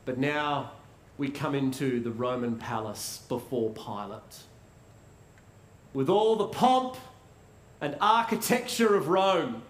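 A man preaching a sermon in a conversational way, asking rhetorical questions and pausing for effect. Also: medium pitch, animated. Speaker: pastor. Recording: roomy echo.

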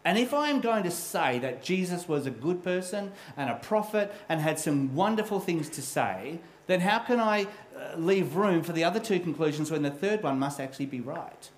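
A man's voice: on the high side, animated, normal speed, hardly any pauses, echoey room, poor audio. A middle-aged man preaching a sermon as a pastor, telling a personal story in a candid, self-deprecating way.

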